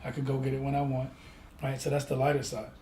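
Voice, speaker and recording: A man's voice: mid-range voice, fast. A man co-hosting a casual podcast chat, telling stories animatedly and acting out the people in them. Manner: animated storyteller, acts out voices in his anecdotes. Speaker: podcast co-host. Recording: echoey room with faint ambient noise.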